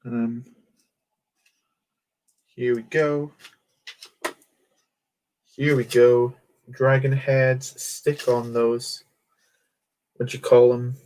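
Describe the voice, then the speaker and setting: Chatty man streaming, flat delivery. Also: medium pitch, extremely slow, long pauses. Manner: chatty, joking, self-mocking. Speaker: livestreamer. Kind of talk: casual livestream chat while building a toy set.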